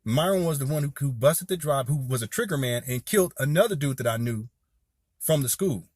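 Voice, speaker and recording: A man's voice: medium pitch, expressive, brisk, darkish tone, husky, no room sound, studio quality. A man in his forties from Southern California giving heated, rambling commentary straight to his viewers, talking to them as "y'all". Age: 40s. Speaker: video commentator. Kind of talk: impassioned direct-to-camera commentary.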